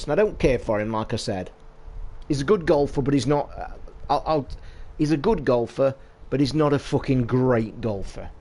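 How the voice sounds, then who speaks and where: A man's voice: mid-range voice, a little mellow. A British man hosting a casual livestream chat, telling a story in a blunt, sweary, opinionated way. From United Kingdom. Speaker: podcast host. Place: home streaming setup.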